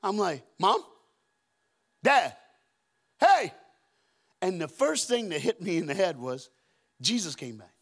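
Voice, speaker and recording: A man preaching a sermon as a guest speaker, telling stories and acting out the scenes with shouts and deep put-on voices. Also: big pitch swings, normal speed. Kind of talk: storytelling sermon. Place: church auditorium.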